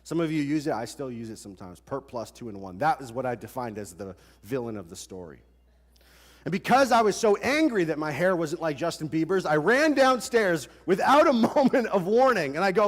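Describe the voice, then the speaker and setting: A young male pastor preaching in a casual, animated way, throwing out rhetorical questions. His voice sits a bit high for a man. It carries the long reverb of a large church hall. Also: normal speed. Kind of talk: sermon.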